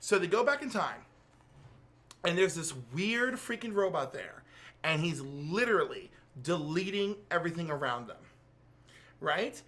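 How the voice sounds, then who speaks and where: A man co-hosting a casual podcast, recapping a comic book and acting out the characters' lines in quick voices. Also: fairly high pitch, animated, bright, forceful tone. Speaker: podcast co-host.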